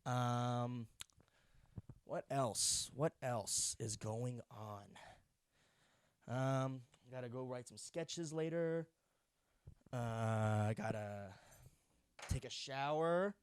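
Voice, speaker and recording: A man's voice: mid-range voice, very slow, pauses often, clean tone, dry recording. A young man hosting a solo comedy podcast, rambling and swearing sarcastically while sleep deprived. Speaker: podcast host.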